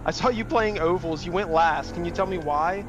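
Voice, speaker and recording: A man's voice: high-pitched, normal speed, highs cut off, over music. A young man doing casual, slangy and profane livestream commentary while he drives a racing game. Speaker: sim racing streamer. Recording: engine noise of a racing game behind. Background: car engine and game sounds.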